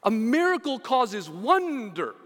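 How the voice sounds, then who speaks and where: Male pastor, high bright voice, animated sermon with call-and-response, long hall reverb. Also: slow. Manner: animated preaching, repeats words, asks the congregation to respond. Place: church sanctuary.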